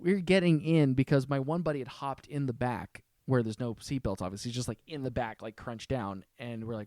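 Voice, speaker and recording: A man as a podcast guest, telling a story in casual chat, lively and profane, acting out the lines of the people in it. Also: medium pitch, fairly quick, few pauses, no room sound, clean studio sound. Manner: animated, swearing, acts out quoted lines.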